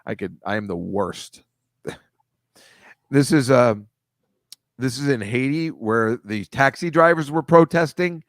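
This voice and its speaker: A man's voice: medium pitch, unhurried, pauses often, dry recording, studio quality. A man hosting a casual video-call chat over shared slides, rambling, wry and mocking, swearing freely. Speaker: host.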